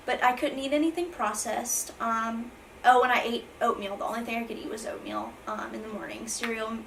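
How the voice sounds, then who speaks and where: A woman's voice: on the high side, fairly bright tone, recorded from a distance, slight background noise, low-quality recording. A young woman, rambling through an emotional storytime vlog with many fillers and restarts, near tears with her voice breaking. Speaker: vlogger.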